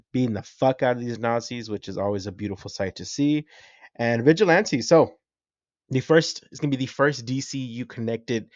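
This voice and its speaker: A man's voice: medium pitch, dry recording, lo-fi sound. A man giving casual, enthusiastic reaction commentary as a vlogger, rambling and swearing freely. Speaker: comics and film reaction vlogger.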